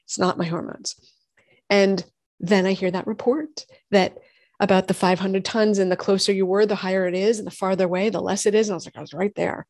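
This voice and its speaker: A woman, a doctor and host telling her own health story in lively conversation, acting out what others said. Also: medium pitch, fairly quick, no room sound, studio quality. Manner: animated storytelling, acts out quoted voices. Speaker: functional medicine gynecologist and podcast host.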